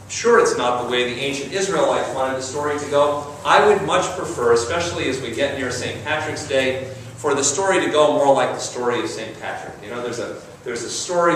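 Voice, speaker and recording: A man's voice: fairly high pitch, fairly bright tone, slight background noise. A man preaching a sermon as pastor, conversational, with repetition and emphasis. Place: church sanctuary. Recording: roomy church sound from a distant mic.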